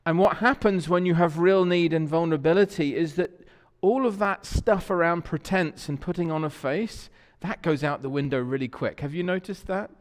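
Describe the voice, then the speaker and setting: English male pastor, conversational sermon delivery, slightly high voice, reverberant sanctuary. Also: normal speed, hardly any pauses. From England. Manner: conversational storytelling, asks the congregation questions. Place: church sanctuary. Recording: long church reverb.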